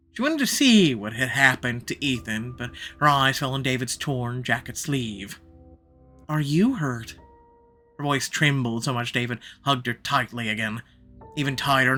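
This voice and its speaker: Guy reading a romance game story out loud, bright forceful voice, soft music underneath. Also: medium pitch. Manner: expressive, varies pace for drama. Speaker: narrator reading a visual novel.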